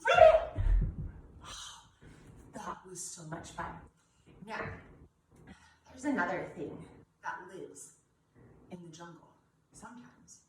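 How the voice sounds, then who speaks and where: A woman's voice: fairly low pitch, expressive, measured pace, long pauses, very echoey, far from the mic, noisy background. A woman leading a children's yoga class, playful and encouraging, laughing often as she guides the kids. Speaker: kids' yoga teacher.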